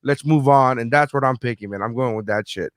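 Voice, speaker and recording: A man's voice: medium pitch, a little fast, dry recording. A man hosting a casual podcast, rambling and joking with heavy swearing. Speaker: podcast host.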